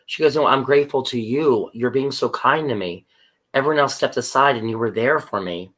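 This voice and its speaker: A man in casual podcast conversation, retelling a TV episode scene by scene. His voice sits at a middle pitch. He slips into the characters' lines with an animated, storytelling manner. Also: fairly quick. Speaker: podcast co-host. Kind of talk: casual chat recapping a TV episode.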